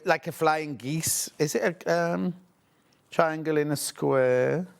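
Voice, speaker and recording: A man's voice: on the high side, gravelly. Gushing male shopping-channel host. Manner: chatty, gushing, thinks aloud while unpacking. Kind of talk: live sales presentation.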